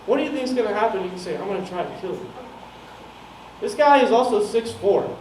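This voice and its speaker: A man's voice: high voice, animated, fairly quick, darkish tone. A young man doing stand-up, telling a rambling, profane story and laughing at his own jokes. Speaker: stand-up comedian. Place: small comedy venue. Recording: echoey room, mic heard from far off, some noise.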